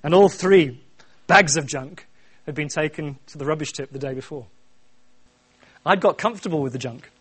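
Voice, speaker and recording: A middle-aged man preaching a sermon, swinging from quiet asides to loud, repeated refrains. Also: on the high side, normal speed, slightly rough. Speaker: pastor.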